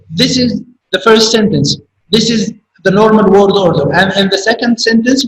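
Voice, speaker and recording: A man teaching a grammar lesson, speaking slowly and repeating key words for emphasis. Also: sits high, a bit bright, slight background noise. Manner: slow, repetitive, stresses key words. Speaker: high school English teacher. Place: classroom. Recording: echoey room, voice from a distance.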